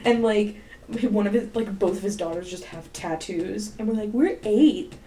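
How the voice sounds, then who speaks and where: A young woman with a medium-pitched voice speaks at a moderate pace, co-hosting a casual podcast. She's a middle school teacher and an animated storyteller, swearing a lot and acting out quotes as she chats.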